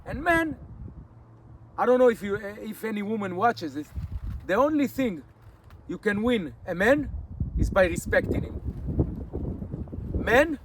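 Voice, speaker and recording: Man, 40s, Israeli accent, Hebrew native, high voice, rambling vlog, faint outdoor noise. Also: a bit bright. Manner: rambling, restarts often, halting English. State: dry mouth from fasting. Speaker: nomad vlogger. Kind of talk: casual vlog monologue. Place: outdoors in the mountains.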